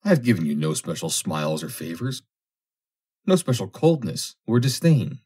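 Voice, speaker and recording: A man's voice: low voice, sing-song, moderate pace, darkish tone, husky, exaggerated voice. A man reading aloud, voicing a proud young woman who coolly rejects a suitor. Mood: cold, reproachful. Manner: cool, formal and reproachful.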